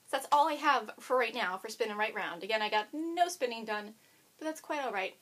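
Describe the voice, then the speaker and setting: Bubbly husky-voiced woman. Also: on the high side, lively intonation, fairly quick, fairly bright tone. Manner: bubbly, chatty, talks to her dog between remarks. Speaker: knitting podcast host. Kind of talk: casual chat to camera.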